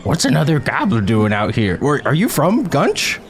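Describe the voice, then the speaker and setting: A man's voice: medium pitch, huge pitch swings, normal speed, a little hiss or hum. A man voicing a sly, wary male goblin townsman in a tabletop game. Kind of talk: tabletop role-play.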